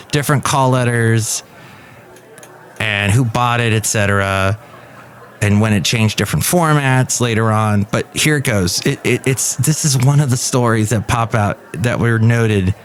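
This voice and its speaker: A man's voice: lowish voice, moderate pace, a little hiss or hum. Middle-aged american guy rambling thru a story on his podcast, lots of restarts. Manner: rambling anecdotal delivery with restarts and acted quotes. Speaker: podcast host. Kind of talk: casual storytelling.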